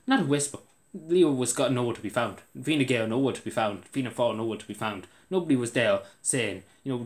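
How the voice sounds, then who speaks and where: A man's voice: medium pitch, fast talker. An Irish man delivering an indignant political rant to camera, repeating himself for emphasis. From Ireland.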